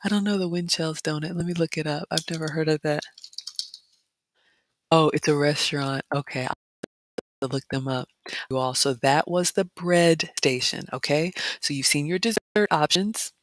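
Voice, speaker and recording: A woman vlogger chatting casually and reading viewer comments, dropping into excited whispers. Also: low voice, moderate pace, no room sound. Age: adult mother. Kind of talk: casual chat narrating photos, reading live comments.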